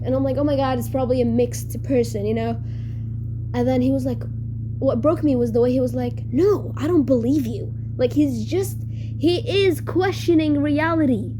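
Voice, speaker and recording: A woman's voice: fairly high pitch, noisy background. A young woman hosting a casual podcast review, talking in a gushing, emotional way and rambling with many fillers. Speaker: podcast host reviewing a series.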